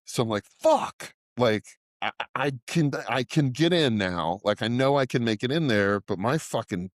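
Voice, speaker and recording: A man's voice: mid-range voice, expressive, moderate pace, dry recording, clean studio sound. A middle-aged man co-hosting a podcast, telling a rambling, profane anecdote in casual chat and laughing often. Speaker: podcast co-host.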